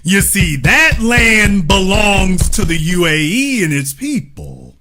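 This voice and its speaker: Animated high-voiced male livestream host. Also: slow pace, soft background music. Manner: emphatic, profane, talks to the chat. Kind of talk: animated opinion commentary.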